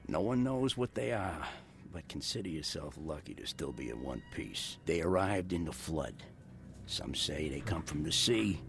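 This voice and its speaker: An actor playing a gruff male bartender who distrusts strangers and talks bluntly. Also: extremely low pitch, lively intonation, normal speed, a bit bright, exaggerated voice. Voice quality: gravelly. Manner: guarded and blunt.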